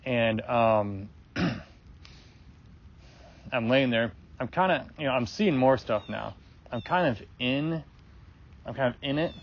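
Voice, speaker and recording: A guest shares a personal story in loose, rambling casual talk, full of fillers, restarts, and lots of swearing. The man speaks at a medium pitch and a slow pace, pausing often, on a dull lo-fi recording.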